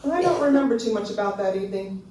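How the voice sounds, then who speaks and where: A woman in her fifties races through a personal story at a live storytelling performance in a small venue with an audience. She laughs often, stays animated, and hits a high squeal when quoting herself; the echo puts her voice a bit far off, over faint background noise.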